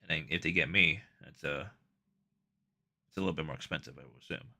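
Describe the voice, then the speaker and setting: A man's voice: extremely low pitch, a little fast, creaky, bright, forceful tone. A man livestreaming, chatting casually with his viewers, rambling and self-conscious with many restarts. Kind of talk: casual live stream chat.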